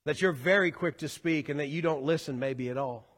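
A man preaching a sermon as pastor, earnest, rising to fervent emphasis and sinking low again. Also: brisk, a bit bright. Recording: long hall reverb.

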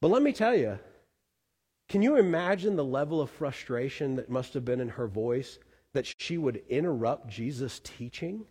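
A male pastor preaching a sermon earnestly, rising loud for emphasis and falling quiet. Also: medium pitch, lively intonation, moderate pace, slightly rough. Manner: earnest, swells loud then drops quiet. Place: church sanctuary. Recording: long reverb in a church hall.

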